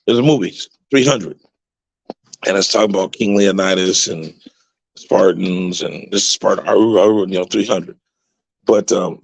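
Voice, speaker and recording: A low, gravelly male voice with a husky grain tells stories with a coach's emphatic push, often repeating words for stress. He is a high school football coach on a radio talk show. The sound is close and dry. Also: darkish tone, dry recording, poor audio. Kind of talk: radio interview storytelling.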